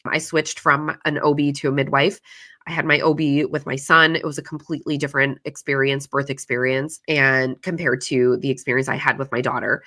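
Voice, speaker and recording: A woman's voice: rumbling low, fairly even intonation, brisk, pushed and bright. A woman hosting a podcast, telling her story in a casual, confessional way, swearing freely and using lots of "like" fillers. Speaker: podcast host. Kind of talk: candid solo podcast monologue.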